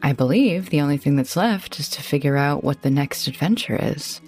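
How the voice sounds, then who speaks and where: A woman's voice: deep voice, animated, moderate pace, a little mellow, husky, faint music behind. A woman running a tabletop game as game master, chatty and descriptive.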